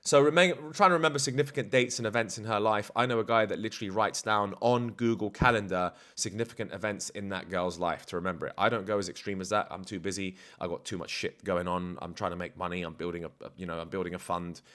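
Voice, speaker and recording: A man's voice: deep voice, steady tone, fast, few pauses, fairly bright tone. A man talking as a dating coach in a casual vlog, blunt, slangy and self-assured.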